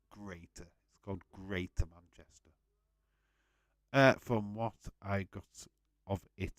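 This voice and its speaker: A man's voice: deep voice, fairly even intonation, measured pace, no echo. A man hosting a casual live-stream watch-along, chatting to viewers by name, laughing often and swearing freely.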